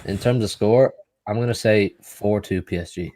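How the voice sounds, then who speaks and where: An upbeat man with a Dublin Irish accent chats through a football watch-along. His voice sits a little low and he keeps reading viewer comments aloud in a casual, friendly way. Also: normal speed, dark tone. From Dublin, Ireland. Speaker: co-host.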